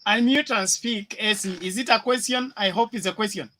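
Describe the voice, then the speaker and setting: A moderator briskly calling on speakers in an online discussion. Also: medium pitch, pushed and bright. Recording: faint, distant online call audio.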